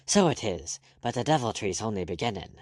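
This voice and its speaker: A man's voice: fairly low pitch, big pitch swings, brisk, no room sound. A man voicing a curt, commanding doctor who snaps out orders. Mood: urgent. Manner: snappish, peremptory.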